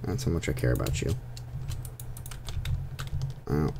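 Extremely low in pitch, a little slow and full of vocal fry, this young commentator talks casually and playfully to the monsters while he plays. His desktop USB mic picks up background noise.

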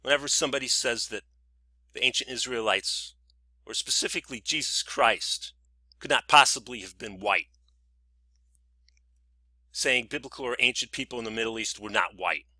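A man vents in a sarcastic, indignant monologue, piling up rhetorical questions. His voice is strikingly bright and cutting. The sound is dry and close, with no room around it. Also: medium pitch, normal speed, long pauses, dry recording. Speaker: vlogger. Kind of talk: scripted ranting monologue.

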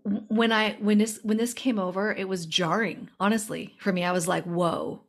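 A woman's voice: mid-range voice, fairly even intonation, a little fast. A woman hosting a podcast interview and telling a personal story in an earnest, emotional way. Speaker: podcast host and medium. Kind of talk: casual interview chat.

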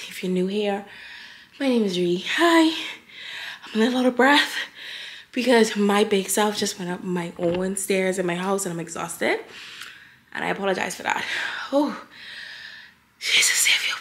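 A woman's voice: medium pitch, a bit bright, echoey room, a little hiss or hum. A woman hosting a casual home vlog, chatty and playful with lots of exclamations, in her kitchen. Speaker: lifestyle vlogger.

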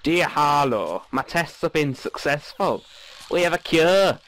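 A man's voice: on the high side, expressive, unhurried, a bit bright, low-quality recording. A man reading out a male professor's urgent letter in a put-on, over-the-top accent. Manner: reads in a put-on ridiculous accent.

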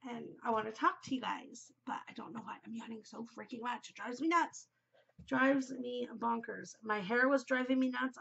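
A woman's voice: a little high, creaky, fairly bright tone, muffled recording. A woman in her forties hosting a knitting podcast in an upbeat, chatty way, her nose a bit stuffed from a cold. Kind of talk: casual chat.

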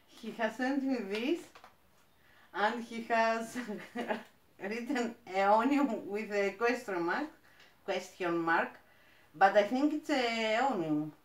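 A woman from Greece with a Greek accent, chatting as she unboxes plants, gushing and halting with fillers. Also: on the high side, reverberant. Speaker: plant vlogger. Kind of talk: casual unboxing chat.

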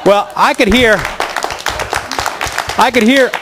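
An older man, a voice actor and comedian, telling an animated comic story and mimicking voices on a talk show. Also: very high voice, takes it slowly, crowd noise, background noise.

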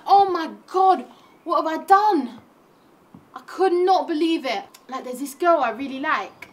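A young woman, delivering a comic monologue that retells a classic play in modern slang, animated and full of slangy asides. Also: fairly high pitch, slight background noise. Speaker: comedic performer.

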